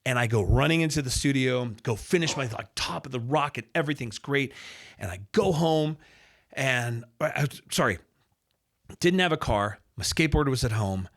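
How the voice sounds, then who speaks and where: A man in his fifties, a radio host and announcer, telling a lively story and acting out the other people's lines as he goes. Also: mid-range voice. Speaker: radio host and sports announcer, podcast guest. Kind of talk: animated storytelling anecdote.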